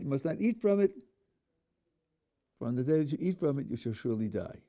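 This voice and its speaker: A man's voice: medium pitch, dark tone. A man, a rabbi, teaching a text class, reading verses aloud and then questioning them with dry humor. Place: yeshiva classroom.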